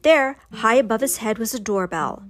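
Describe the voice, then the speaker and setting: A woman reading a children's storybook aloud in a slow, gentle, expressive way. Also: a little high, faint music behind. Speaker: storybook narrator.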